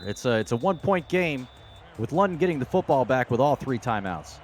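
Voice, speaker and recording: A man's voice: mid-range voice, animated, moderate pace, soft background music. A man giving color commentary on a simulated football game in a folksy way, full of exclamations. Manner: folksy, leans on exclamations like "boy, oh boy". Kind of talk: live esports football commentary.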